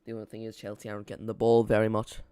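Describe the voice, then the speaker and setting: A man's voice: lowish voice, monotone, racing, warm tone, smooth. A young man, hosting a live football watch-along in a chatty, self-mocking way. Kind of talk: casual live match commentary.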